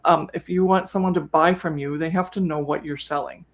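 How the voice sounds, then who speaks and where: A woman co-hosts a live online business webinar, teaching in a casual, easygoing, talkative live-stream style from what sounds like her home. Her slightly low voice moves briskly with fairly even intonation. She is chatty and self-correcting, tripping over words, often backtracking and rephrasing.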